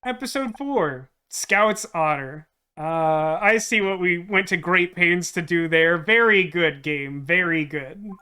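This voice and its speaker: A man's voice: a little high, a little slow, bright, forceful tone, smooth. A man hosting a let's play, reading game dialogue aloud and breaking off into joking, rambling asides.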